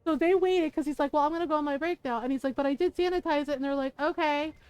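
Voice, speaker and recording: A middle-aged woman streamer telling a story in casual chat, animated and profane, laughing as she talks. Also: high-pitched, fast, dry recording, poor audio. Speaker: live streamer.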